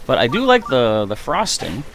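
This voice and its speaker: A man's voice: mid-range voice, huge pitch swings, moderate pace, fairly bright tone, slight background noise. A man chatting to himself and his viewers while playing through a live stream, reacting as he goes. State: hiccuping. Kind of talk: gameplay live stream commentary.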